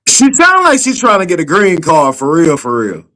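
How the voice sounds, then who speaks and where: A Black man co-hosting a casual podcast chat, animated and emphatic. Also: a little high, normal speed, poor audio. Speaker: co-host.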